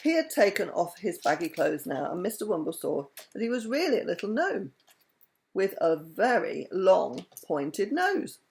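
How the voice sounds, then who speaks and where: A woman reading a children's story aloud in an expressive, animated way. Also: mid-range voice, normal speed, gravelly.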